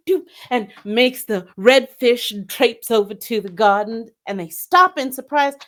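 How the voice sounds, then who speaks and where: Woman narrating a tabletop game, playful, high, lively, unhurried. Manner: playful, hums tunes. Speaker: player.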